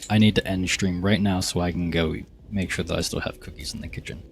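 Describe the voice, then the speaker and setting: Low-voiced male streamer, rambling casually. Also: fairly even intonation, fast, creaky, a little hiss or hum. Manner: rambling and self-mocking, with small stumbles. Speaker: streamer playing a game. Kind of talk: casual live-stream commentary.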